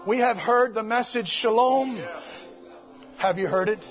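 A man preaching a fervent sermon at a church service, shouting exhortations and calling out to the congregation. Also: very high-pitched, unhurried, dull audio, over music. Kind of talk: Pentecostal-style sermon.

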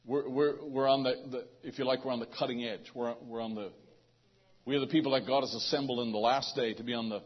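Husky male pastor preaching conversationally. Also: mid-range voice, fairly even intonation, fast talker. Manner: conversational preaching with repeated restarts. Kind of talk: sermon. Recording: dull lo-fi sound.

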